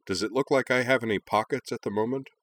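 A man's voice: medium pitch, fast talker, a bit bright, dry recording, voice pushed up, lightly acted. A man voicing a flippant, teasing small winged male creature in a storybook reading. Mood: wry.

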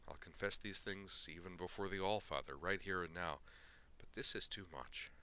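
A man's voice: low voice, moderate pace, sharp tone. A man voicing a proud young male god who speaks formally and earnestly. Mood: earnest shame.

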